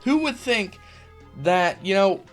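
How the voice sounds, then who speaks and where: A man's voice: high-pitched, lively intonation, takes it slowly, faint music behind. A man giving casual commentary on online drama, chatty and full of sarcastic asides and fillers. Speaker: YouTube commentator.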